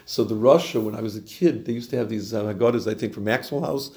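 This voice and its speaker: Man with a gravelly voice teaching. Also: lowish voice, fast, a little mellow. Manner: chatty, digressive, with chuckles. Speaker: Torah class teacher. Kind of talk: informal Torah class.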